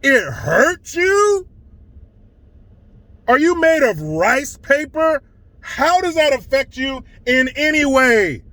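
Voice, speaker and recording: High-voiced man ranting slowly. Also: sing-song, pushed and bright, dry recording. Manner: profane, mocking, sarcastic. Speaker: online commentator. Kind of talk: ranting commentary.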